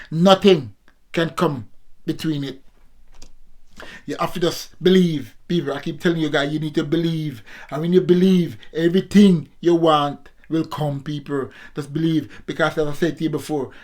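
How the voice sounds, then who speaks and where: A man's voice: a little high, darkish tone. A Jamaican man around sixty, a former amateur boxer, talking to his viewers in a casual vlog monologue, preachy and repetitive, always calling out to his audience. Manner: preachy, repetitive, keeps addressing viewers as people.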